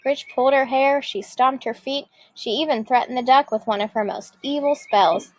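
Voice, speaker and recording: A woman teacher reading a picture book aloud with lively expression. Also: sits high, normal speed, low-quality recording.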